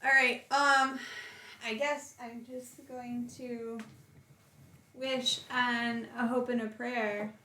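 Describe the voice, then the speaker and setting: A woman's voice: on the high side, little pitch movement, takes it slowly, pushed and bright. A woman playing a tabletop role-playing game, talking in a hesitant way that trails off. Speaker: player. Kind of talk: tabletop role-play chat. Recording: echoey room, faint noise.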